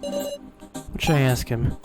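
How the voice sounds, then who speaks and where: A man quietly muttering asides as he plays through a game he is dubbing. He talks slowly and softly, with game music playing behind him. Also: on the high side, wildly swooping pitch. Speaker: let's play host. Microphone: home microphone.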